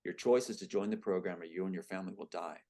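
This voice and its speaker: A man's voice: low voice, fast, mellow. A man reading as a cold, menacing agent. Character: cold scheming male government agent.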